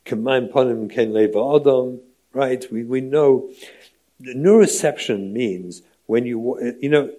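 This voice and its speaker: Speaking a little slowly with a dark, mid-range voice, this middle-aged rabbi lectures trainees on parenting and education. His delivery is emphatic and rhetorical, punctuated by frequent "right?" check-ins.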